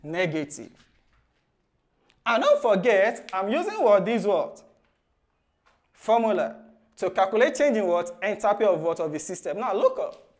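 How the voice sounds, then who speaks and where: A man teaching chemistry for exam preparation. He ends nearly every phrase with "what?" and then answers it himself in a low, soft voice. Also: sing-song, measured pace, pauses often. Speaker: chemistry tutor. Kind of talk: exam-prep lesson.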